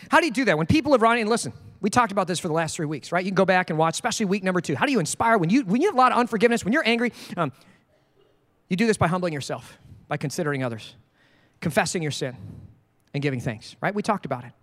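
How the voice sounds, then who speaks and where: A male pastor preaching a sermon in an animated, jokey way. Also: high voice, long reverb tail. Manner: animated, jokey, acts out quoted voices.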